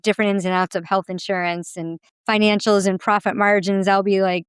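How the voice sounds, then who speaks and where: A woman hosting a podcast conversation, talking in an animated, emphatic way with quick asides. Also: medium pitch, clear, resonant tone, no echo. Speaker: podcast host.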